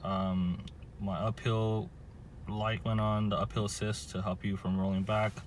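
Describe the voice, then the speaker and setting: A man's voice: fairly low pitch, flat delivery, unhurried, a little hiss or hum. A man from Southern California, filming a casual vlog outdoors by his car and explaining car trouble in a rambling way, full of fillers and restarts. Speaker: car owner vlogger.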